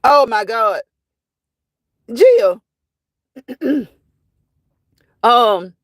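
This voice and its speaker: Woman, live-stream host, casual chat, reads and answers comments, repeats herself, higher voice, dry close sound. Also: expressive, normal speed, no echo. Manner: chatty, reacts aloud to comments, repeats phrases.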